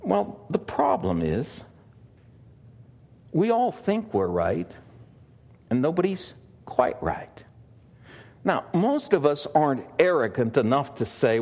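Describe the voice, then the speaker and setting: A man's voice: medium pitch, wildly swooping pitch, slow, long pauses, darkish tone. A male pastor preaching a sermon, telling stories conversationally with frequent fillers.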